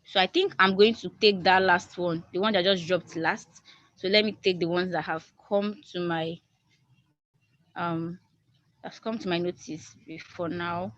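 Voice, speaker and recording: A woman's voice: lowish voice, fairly even intonation, unhurried, a bit bright. A woman moderating a video call Q&A, reading questions aloud with hesitant restarts. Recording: dull lo-fi video call audio.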